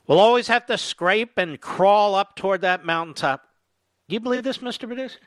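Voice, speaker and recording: A man's voice: sits high, fairly quick, no room sound. A man hosting a political commentary show, reading quotes aloud and answering them with sarcastic, indignant remarks. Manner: sarcastic, indignant, rising to angry shouting. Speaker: talk radio host.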